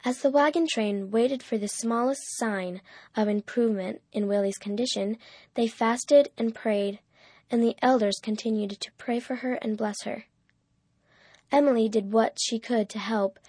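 A woman narrating a storybook in a clear, measured reading voice. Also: on the high side, fairly even intonation, a little mellow, dry recording, studio quality.

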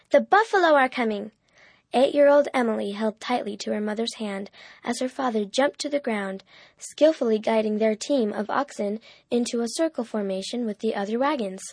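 A woman narrating a storybook in a clear, measured reading voice. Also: fairly high pitch, a little mellow, no room sound, clean studio sound.

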